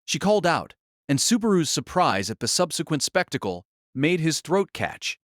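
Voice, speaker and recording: Expressive male audiobook narrator. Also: on the high side, moderate pace, dry recording, clean studio sound. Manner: dramatic, expressive storytelling.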